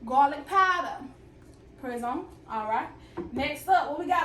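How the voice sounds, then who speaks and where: A woman's voice: high voice, expressive, a little slow, sharp tone, distant mic, slight background noise. Chatty Southern woman in a roomy kitchen. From Alabama. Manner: chatty, playful, talks straight to viewers. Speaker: fitness and cooking vlogger. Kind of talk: casual cooking vlog. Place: home kitchen. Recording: roomy kitchen audio, mic set back.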